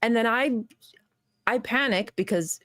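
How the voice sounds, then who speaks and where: A woman who is a guest on a talk show, telling a story in an animated, exasperated way with frequent laughs. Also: a little high, unhurried, no room sound, studio quality. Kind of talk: casual chat.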